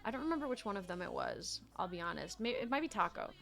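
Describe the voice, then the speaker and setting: A young woman livestreams casually, telling stories in a chatty, animated way and cursing freely. Her voice is medium-pitched and creaky, and she talks quickly.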